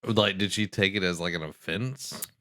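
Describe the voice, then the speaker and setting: A man co-hosting a podcast, adding casual comedic banter with deadpan interjections. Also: deep voice, normal speed, dry recording, clean studio sound. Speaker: podcast co-host.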